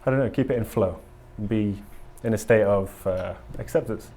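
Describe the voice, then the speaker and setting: A man's voice: on the low side, normal speed, warm tone. A man giving a casual conference talk to a live audience in a conference room, earnest and rambling, with frequent ums and restarts. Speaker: conference speaker.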